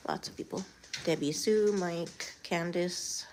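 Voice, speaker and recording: A woman's voice: on the low side, measured pace, background noise. A tearful woman hosting a casual livestream from home, reading viewer comments aloud and answering them. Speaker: livestream host.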